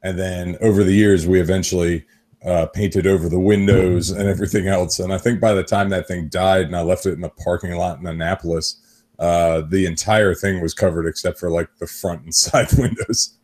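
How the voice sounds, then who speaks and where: A man in his thirties hosts a podcast, telling rambling stories in casual chat and swearing freely. His voice is deep and somewhat dark, with a steady tone and normal speed.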